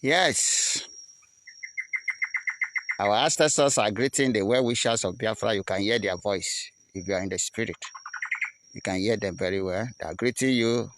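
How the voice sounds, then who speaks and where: A man with a Nigerian accent addresses his listeners in a low-pitched voice. He preaches with fervour and a chanting, repetitive cadence. Faint noise hangs behind him. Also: a little fast. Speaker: activist broadcaster. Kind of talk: impassioned broadcast address.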